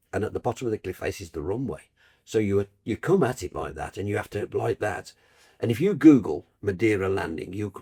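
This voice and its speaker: An older man from Birmingham, England, a football broadcaster telling lively anecdotes in a podcast chat and acting out the people in his stories. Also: on the low side, breathy edge. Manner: animated storyteller, acts out voices in his tales.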